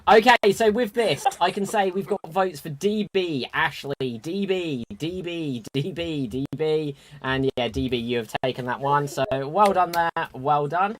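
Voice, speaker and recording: A man's voice: a little high, unhurried, few pauses. Upbeat man hosting a comedy show. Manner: upbeat, keeps the game moving, chuckles often. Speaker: host.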